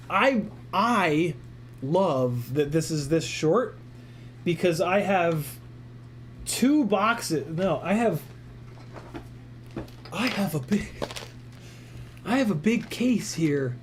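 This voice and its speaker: A man chatting casually on a livestream. He rambles, swears freely and laughs at himself. His voice sits a little high for a man. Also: expressive, slow pace, long pauses, a little hiss or hum. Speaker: streamer.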